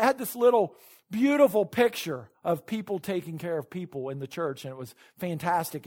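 Animated storytelling male pastor preaching. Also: very high voice. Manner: storytelling, animated with sudden loud peaks and quiet asides; laughs at his own points. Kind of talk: sermon.

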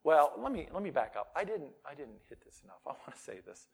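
High, lively preaching man. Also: fast, gravelly, slightly rough. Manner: emphatic, swings between loud declarations and quiet asides. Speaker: pastor. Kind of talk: sermon.

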